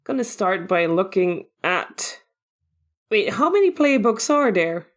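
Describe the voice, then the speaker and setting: A woman's voice: mid-range voice, big pitch swings, a little slow. Woman thinking aloud with dry humor. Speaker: podcast co-host and episode editor. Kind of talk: casual chat about tabletop games.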